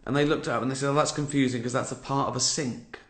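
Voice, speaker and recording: On his relaxed livestream, an English-accented comedian in his fifties fires off a sardonic, profanity-laced story. His medium-pitched, slightly bright voice stays fairly even and quick, captured by a phone or laptop mic in a roomy home setting.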